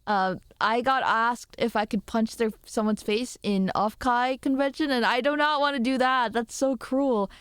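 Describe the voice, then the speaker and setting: A woman's voice: fairly high pitch, fairly even intonation, moderate pace, hardly any pauses, clear, resonant tone, no room sound, clean studio sound. A young woman streamer chatting casually with her viewers, rambling, giggly and self-deprecating.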